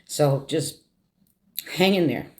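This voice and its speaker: A middle-aged woman telling a personal story on her vlog, fighting back tears, halting and repeating words as she speaks. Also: deep voice, expressive, darkish tone. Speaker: vlogger. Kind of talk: emotional story time.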